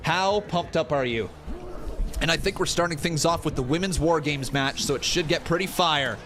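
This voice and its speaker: A young man hosting a live watch-along stream, loudly hyping up his chat with shouts and chants. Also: a little high, normal speed. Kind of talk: hyped watch-along commentary. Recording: music under the voice. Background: music playing.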